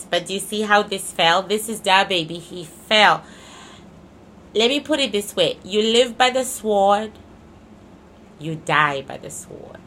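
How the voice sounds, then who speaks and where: A woman's voice: mid-range voice, animated, a little slow, fairly bright tone, slight background noise. A woman giving a casual spoken card reading, speaking emphatically and often repeating and restating her points. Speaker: psychic reader.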